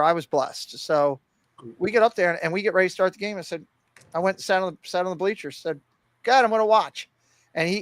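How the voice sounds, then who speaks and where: A middle-aged man co-hosting a podcast, telling a long story in a lively, laughing way and acting out the lines people said. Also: a little high, no echo. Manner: animated, laughing storyteller who acts out quoted lines. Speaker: podcast co-host. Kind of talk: casual storytelling chat.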